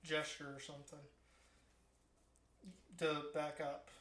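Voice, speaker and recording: A man co-hosting a casual podcast, cracking dark jokes in a deadpan way. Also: fairly high pitch, slow pace. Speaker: podcast co-host. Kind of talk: casual chat. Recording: echoey room.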